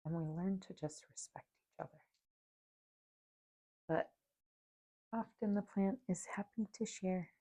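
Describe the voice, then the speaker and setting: A woman hosting a spiritual podcast, talking softly and dreamily and at times guiding a meditation, sometimes dropping to near-whispers. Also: mid-range voice. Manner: soft, slow and dreamy, drifting into near-whispers. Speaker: podcast host.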